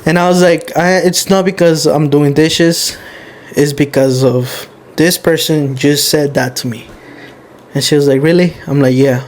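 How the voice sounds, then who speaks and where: A man's voice: a little high, fairly even intonation, unhurried. A young man hosting a podcast, telling a personal story candidly and with emotion, swearing often. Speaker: podcast host. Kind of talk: casual podcast chat.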